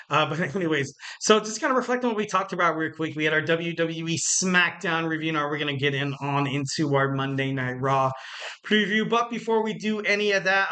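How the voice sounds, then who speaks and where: Guy hosting a wrestling podcast, rambly and joking around, bright kinda high voice. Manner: rambling, jokey, self-correcting. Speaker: podcast host. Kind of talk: casual wrestling podcast talk.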